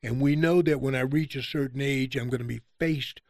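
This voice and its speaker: A man's voice: medium pitch, fairly even intonation, brisk, gravelly, no echo, studio quality. A man, a podcast guest, talking conversationally and acting out quoted exchanges in a raised voice. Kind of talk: conversational storytelling.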